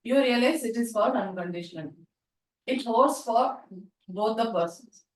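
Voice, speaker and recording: A woman's voice: a little high, lively intonation, a little slow. A woman, a student asking the teacher a thoughtful question. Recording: roomy, far from mic.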